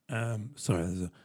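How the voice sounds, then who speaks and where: A man's voice: lowish voice, gravelly, a little mellow, breathy edge. A man hosting a solo podcast, talking in a casual, joking, rambling way and often checking in with "right?". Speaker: podcast host.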